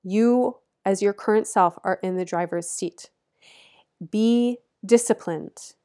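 A woman's voice: medium pitch, slow, dark tone. A woman astrologer giving an astrology forecast, earnest and encouraging, stressing her points with repeated instructions and laughing lightly between phrases.

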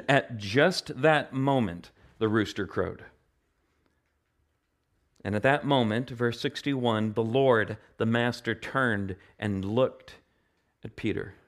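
A male pastor preaching a sermon in an earnest way, often repeating and restarting his phrases and growing impassioned at his high points. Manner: turns impassioned and louder at climaxes.

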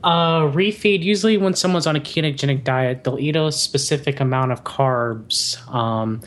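Man explaining at length, mid-pitched. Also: moderate pace, fairly bright tone. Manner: explanatory, talks in long winding runs. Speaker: guest. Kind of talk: casual chat.

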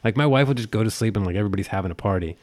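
Low-voiced profane man in casual chat. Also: racing. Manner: profane, animated storyteller.

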